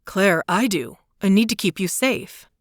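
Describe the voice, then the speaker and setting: A woman's voice: mid-range voice, expressive, a little slow, no room sound, clean studio sound. A woman reading a firm, protective young man. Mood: soothing. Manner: firm and soothing. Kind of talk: audiobook character reading.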